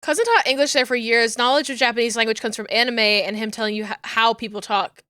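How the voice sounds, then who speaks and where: A woman's voice: a little high, quick pace, sharp tone, smooth, dry recording, studio quality. A woman streamer chatting casually with viewers, rambling along with lots of fillers and restarts.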